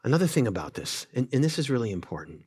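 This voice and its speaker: A middle-aged male pastor preaching a sermon in an earnest, conversational way, often repeating words and adding quick asides. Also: medium pitch, sing-song, darkish tone, husky.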